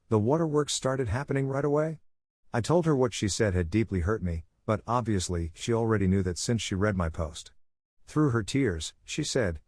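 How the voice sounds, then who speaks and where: Low-voiced man reading stories, dry sound. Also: animated, fairly quick, darkish tone, no echo. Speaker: story narrator. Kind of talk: scripted narration of online posts.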